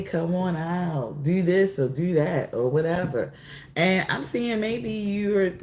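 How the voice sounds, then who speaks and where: A woman doing a casual oracle card reading, drawling and rambling, often pausing to apologize. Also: low-pitched, warm tone. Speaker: tarot reader.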